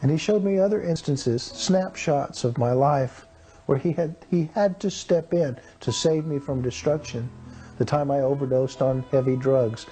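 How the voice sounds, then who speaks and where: A man in his fifties, from Texas, tells his personal testimony in a mellow, warm voice, earnest and dramatic, and puts on the voices of the people he talks about. Soft music plays quietly behind him. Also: mid-range voice. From Texas, USA. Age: 50s. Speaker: testimony speaker.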